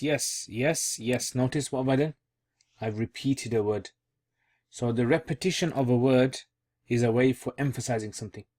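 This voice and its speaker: A man gives an online Arabic grammar lesson in a relaxed, conversational way. His voice sits at a middle pitch, and he restates key terms and thinks aloud as he explains.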